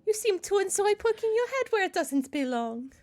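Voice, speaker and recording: Woman doing a disdainful game cat, fake French accent, raised pitch. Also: sing-song, normal speed. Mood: menacing. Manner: clumsy mock French accent, dismissive. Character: haughty, hostile female house cat.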